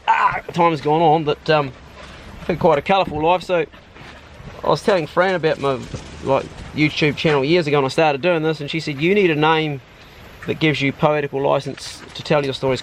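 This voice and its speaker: A man's voice: on the high side, slight background noise. A man with a New Zealand accent chatting casually in a rambling, laid-back way on his outdoor vlog. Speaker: vlogger storyteller. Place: outdoors on a hot day with dogs.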